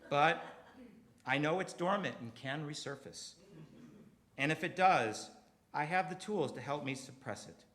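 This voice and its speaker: A middle-aged man tells a confessional comedy story on a theater stage. His voice sits a little high for a man and jumps all over the place in pitch. He drops to quiet asides, then pushes into loud, emphatic bursts. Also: animated, measured pace, long pauses. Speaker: comedy writer performing a personal story. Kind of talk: storytelling stand-up set.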